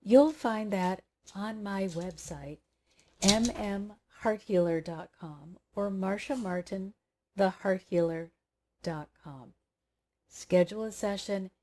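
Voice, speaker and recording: A woman host telling a personal anecdote straight to her viewers, lively and expressive. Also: mid-range voice, takes it slowly, a little hiss or hum. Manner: animated storyteller, acts out dialogue. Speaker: spiritual coach and channel host. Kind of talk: personal anecdote told to camera.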